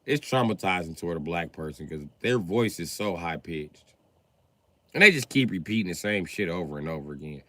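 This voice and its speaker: A man's voice: animated, fairly quick, bright, forceful tone, no echo. A man doing a profane, mocking stand-up rant on a live stream. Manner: profane, mocking, jumps in pitch. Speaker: comedian streamer.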